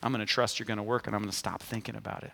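Gravelly guy preaching, bright edgy voice, big echoey hall. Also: lowish voice, level tone, racing. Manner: emphatic preaching, repeated 'amen?' to the congregation. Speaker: pastor. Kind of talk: sermon.

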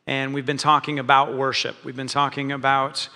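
A pastor delivers a casual, chatty sermon to his congregation, often restarting his sentences. His voice is bright and forceful. It rings out with a long reverb from a large church hall. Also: medium pitch, level tone, moderate pace. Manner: conversational, many restarts and fillers.

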